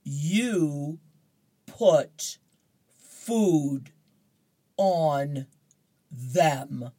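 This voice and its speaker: A woman's voice: low-pitched, mellow, husky, heavily acted. Garfield, a smug lazy cat, voiced by a woman. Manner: slow, smug, deliberate.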